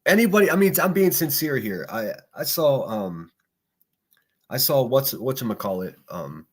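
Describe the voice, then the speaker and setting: A man's voice: medium pitch, sing-song, a little slow. Mocking, profane man hosting a livestream. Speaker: podcast host. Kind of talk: solo livestream reaction commentary.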